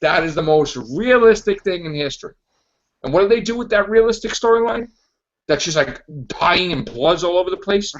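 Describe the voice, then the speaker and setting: In this lo-fi, muffled podcast clip, the host's high, animated voice moves at normal speed. He rants casually about comic books, laughing and restarting as he stumbles.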